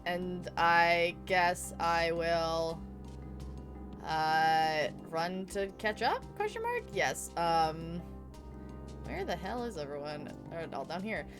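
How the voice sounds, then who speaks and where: A woman playing a tabletop role-playing game who swears freely and thinks aloud between rolls. Her voice is low and very animated, and she talks slowly. Faint music plays underneath. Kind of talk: casual game chat.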